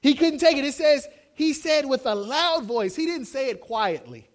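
Young man, pastor, sermon, high-pitched, animated, acts out quotes. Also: moderate pace. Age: young adult.

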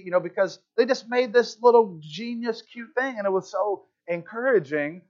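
High-voiced pastor telling a story. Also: male voice, lively intonation, normal speed, hardly any pauses, muffled recording. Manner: conversational, self-deprecating storytelling with frequent restarts. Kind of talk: sermon. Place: church sanctuary.

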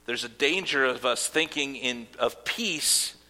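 A man's voice: medium pitch, a little slow, bright, forceful tone. A man preaching a sermon as pastor, earnest, with casual asides and fillers. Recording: long hall reverb.

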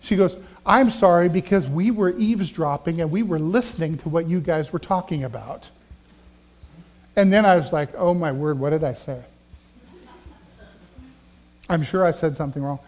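A male pastor preaching a sermon, telling personal stories in a conversational way that swings between loud emphasis and quiet asides. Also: a little high, fairly quick.

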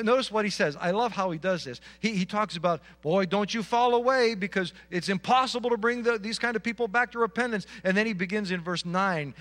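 A man's voice: sits high, a bit bright. A male pastor preaching a sermon in an earnest way, often repeating words and building to emphatic exhortations.

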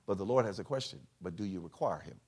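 A man preaching a sermon, leading a call-and-response prayer and swinging from hushed tones to shouted peaks. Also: expressive, fast, husky. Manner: swings from quiet intimate lows to shouted soaring highs. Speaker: pastor. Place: large church hall.

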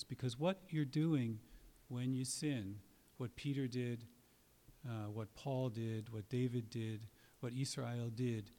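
Male preacher, mid-pitched voice, earnest and emphatic, sermon delivery with dramatic pauses. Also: darkish tone.

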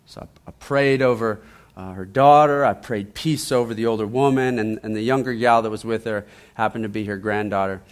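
A man preaching, telling a testimony in a lively storytelling way and often repeating his words as he goes. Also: fairly low pitch, fairly quick, clean tone. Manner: animated storytelling, acts out quoted voices, repeats words.

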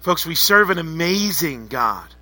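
A man preaching a sermon with a very bright, forceful tone and a slightly high voice. He tells a vivid story in the second person and repeats phrases for emphasis. The sound is dry and close. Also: big pitch swings, measured pace, no room sound. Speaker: pastor.

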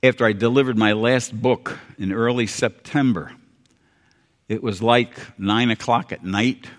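A man's voice: medium pitch, steady tone, measured pace. Older man preaching in a reverberant hall. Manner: earnest, folksy preaching with repeated phrases and sudden quiet drops. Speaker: pastor. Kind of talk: sermon. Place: church sanctuary.

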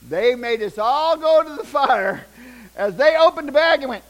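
An older man preaching a sermon, telling folksy stories, loud one moment and hushed the next. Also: very high-pitched, normal speed, low-quality recording. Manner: folksy, animated, shouts punchlines, drops to hushed tones. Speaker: pastor. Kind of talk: sermon with storytelling.

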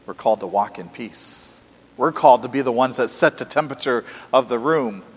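A man preaching a sermon earnestly, asking rhetorical questions and swinging between soft and emphatic delivery. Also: medium pitch, brisk, husky. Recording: long reverb from a hall.

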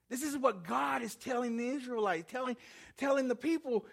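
A man preaching a sermon, impassioned, often repeating words and climbing higher and louder as he quotes God. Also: a little fast, creaky. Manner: impassioned, repeats words, rising to shouts when quoting God.

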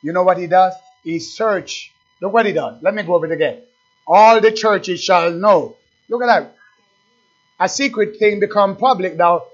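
A man preaching a sermon as pastor, swinging from shouted exhortation to hushed pleading. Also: high-pitched, moderate pace, faint music behind. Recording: dull lo-fi recording.

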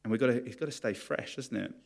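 Guy pastor giving a sermon, kinda gravelly, talks open and honest about himself. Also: mid-range voice, fast talker. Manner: candid, confessional.

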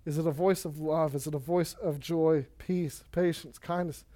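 A man preaching a sermon in a casual, energetic way, with quick asides and Bible readings. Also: fairly high pitch. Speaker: pastor.

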